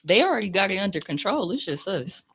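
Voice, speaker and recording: A woman in a casual podcast chat, blunt and quick with low-key remarks. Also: sing-song, gravelly, fairly bright tone, husky.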